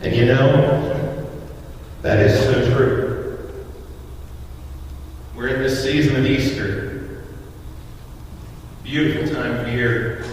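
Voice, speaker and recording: A man's voice: medium pitch, steady tone, takes it slowly, pauses often, a little hiss or hum. Earnest man preaching in an echoing hall. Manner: earnest, direct to congregation. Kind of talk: sermon. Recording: echoey hall from far off, faint ambience.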